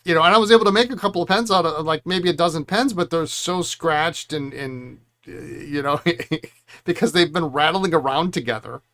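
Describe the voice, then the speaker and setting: Rambling middle-aged man, higher voice. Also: moderate pace, fairly bright tone. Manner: rambling storyteller, chuckles often. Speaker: pen repair host. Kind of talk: casual chat while working.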